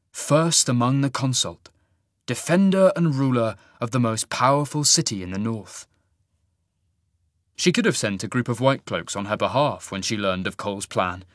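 A man reading fantasy fiction as an audiobook narrator in a measured, even way. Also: medium pitch, no room sound, clean studio sound.

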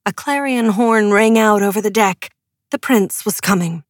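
A woman's voice: medium pitch, normal speed, dry recording. Woman narrator, audiobook, emotive, dramatic, dry close studio sound. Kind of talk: scripted narration.

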